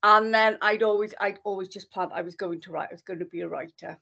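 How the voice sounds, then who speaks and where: A woman's voice: medium pitch, steady tone, quick pace, vocal fry, bright, forceful tone, dull audio. A woman with a Welsh accent, chatting casually as an author guest on a podcast in a self-deprecating way. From Wales. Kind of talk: casual interview chat.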